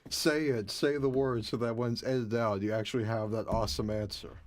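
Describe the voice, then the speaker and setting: A man's voice: medium pitch, fairly even intonation, brisk. A man interviewing a band on the radio, teasing and joking with his guests.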